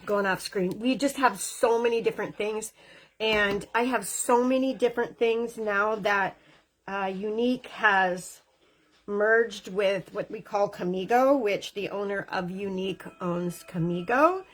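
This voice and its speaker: A woman's voice: medium pitch, faint music behind. Woman in her fifties, home makeup vlogger, chatty and effusive, talking to the camera mic. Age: 50s. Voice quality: gushing, chatty, quick asides. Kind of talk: casual makeup tutorial chat. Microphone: camera mic, lapel not worn.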